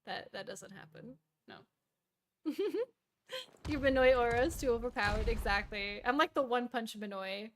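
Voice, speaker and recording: A woman streaming a game, chatting in an excitable, giggly and self-mocking way. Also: fairly high pitch, moderate pace, a little hiss or hum. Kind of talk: live gameplay commentary.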